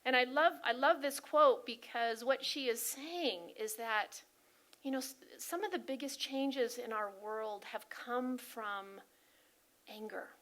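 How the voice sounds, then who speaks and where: A woman giving an inspirational sermon talk as a spiritual practitioner, earnest and animated, often asking her listeners questions. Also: on the high side, slow pace. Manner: animated and emphatic, acting out angry voices. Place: spiritual center service.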